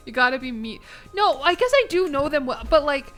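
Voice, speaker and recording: A woman's voice: sits high, lively intonation, unhurried, pauses often, a bit bright, faint music behind. A young American woman chatting casually while streaming a game, joking, self-mocking, and laughing often. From United States. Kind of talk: casual live-stream gaming commentary.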